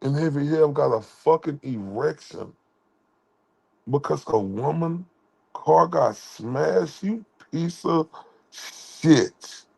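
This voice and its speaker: Gravelly man ranting profanely. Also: fairly high pitch, expressive, takes it slowly, a little mellow. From Dallas, Texas. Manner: profane, insulting, repetitive ranting. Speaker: livestream host. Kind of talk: heated livestream rant.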